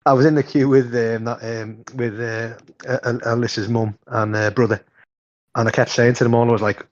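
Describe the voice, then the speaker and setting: A man co-hosting a podcast in casual chat, an animated storyteller with a voice worn hoarse. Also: moderate pace. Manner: animated storyteller, jumps high in pitch. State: hoarse, hungover. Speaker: podcast co-host. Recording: dull lo-fi sound.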